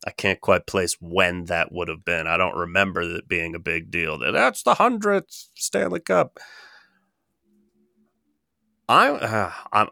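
A young man competing in a casual trivia game, trash-talking playfully and laughing while he reasons out loud. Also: deep voice, clear, resonant tone, no echo, clean studio sound. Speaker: trivia contestant and co-host.

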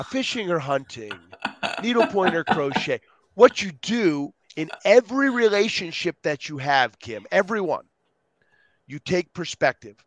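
Lively man, higher voice, dry sound. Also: no echo. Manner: energetic, acts out quotes in lively voices. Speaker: podcast guest. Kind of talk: animated interview talk.

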